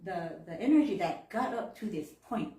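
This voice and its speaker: Woman, 40s, sermon, warm chatty talk with laughs, roomy echo, distant mic. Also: lowish voice, lively intonation, moderate pace. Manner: laughs often, mixes in Japanese phrases, chatty and heartfelt. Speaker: minister. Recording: echoey room, mic far off.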